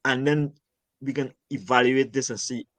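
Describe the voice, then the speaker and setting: A man's voice: mid-range voice, fairly even intonation, normal speed, fairly bright tone, no room sound. An older man from Guyana, an urban farmer talking as an interview guest, speaking passionately and emphatically, often repeating words to stress a point. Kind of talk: conversational interview.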